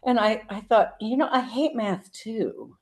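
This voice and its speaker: Older woman, halting comic storyteller. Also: on the high side. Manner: halting storyteller with ums and restarts. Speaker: comedian. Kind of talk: casual interview chat.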